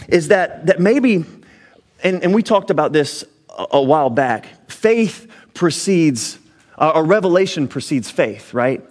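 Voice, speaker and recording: Male pastor preaching a sermon; high-pitched voice, emphatic, halting restarts.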